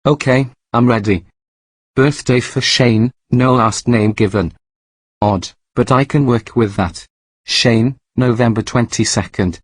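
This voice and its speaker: A man's voice: medium pitch, a little slow, slightly rough, no room sound. A man playing a courteous tentacled announcer being. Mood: matter-of-fact. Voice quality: calm, matter-of-fact, courteous. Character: polite tentacled otherworldly male announcer. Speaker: birthday announcer. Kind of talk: mock interview.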